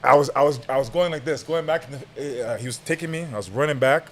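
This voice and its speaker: A young man guest on a podcast, telling a story in a casual, animated, slangy way and laughing as he goes. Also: mid-range voice, quick pace.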